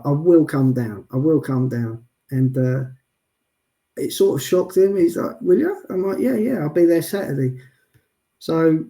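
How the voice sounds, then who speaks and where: In a relaxed interview, the guest, a wheelchair athlete, talks in a mellow, somewhat high voice. He's a talkative storyteller who keeps restarting, describes himself as sarcastic and deadpan, and repeatedly says "I'll be honest with you."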